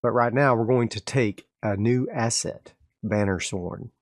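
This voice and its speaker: A man's voice: medium pitch, measured pace, no echo, studio quality. A man playing a solo tabletop game, calling out his dice rolls step by step and narrating the story. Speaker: game master and solo player.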